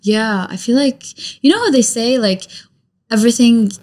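A young woman guest in a casual, heartfelt chat, tearing up and talking in a halting, gushing way. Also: on the high side, a little mellow.

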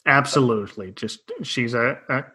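Bright-voiced, dryly wry man. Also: medium pitch, moderate pace, breathy edge. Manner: short agreeing replies, dry wry humor. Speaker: podcast co-host. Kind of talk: casual chat about a holiday special. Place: lives in the U.S. South.

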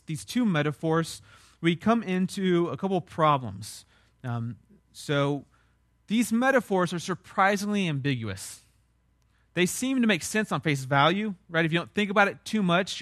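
A man's voice: a little high, fairly bright tone, dry recording, clean studio sound. Conversational pastor, man. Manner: conversational, emphatic, explanatory. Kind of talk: sermon.

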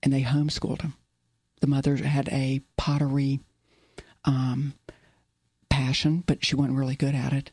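Middle-aged woman, earnest interview storyteller, gravelly tone, dry close sound. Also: a bass voice, little pitch movement, moderate pace, pauses often, warm tone, no room sound. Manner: earnest, repeats key phrases. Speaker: business owner guest.

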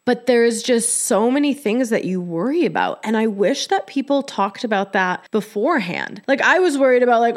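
A woman hosting a podcast in casual chat, candid and expressive, with her talk full of "like". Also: on the high side, moderate pace, hardly any pauses. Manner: chatty, heavy use of "like". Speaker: podcast host.

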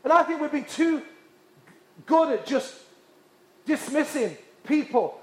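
A man from England, preaching with passionate, repeated emphasis that drops to hushed tones. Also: very high-pitched, moderate pace. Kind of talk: sermon. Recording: echoey hall.

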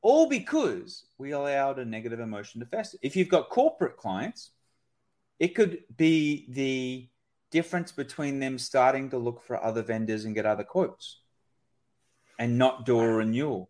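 On a podcast, a guest expert on sales calls explains with abundant energy, often tossing in "right?" He has a medium pitch, lively intonation, a normal speed and a slightly mellow tone.

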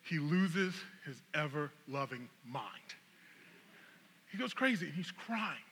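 A man, a pastor, telling a funny, animated story as a sermon illustration. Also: a little high, takes it slowly, slight background noise. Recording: long reverb of a large hall.

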